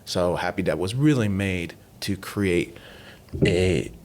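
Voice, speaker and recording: Male podcast guest, low-pitched, chatty storyteller who quotes people in voices. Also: takes it slowly, heavy background noise. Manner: animated, retells talks in quoted voices, many fillers. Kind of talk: casual storytelling interview.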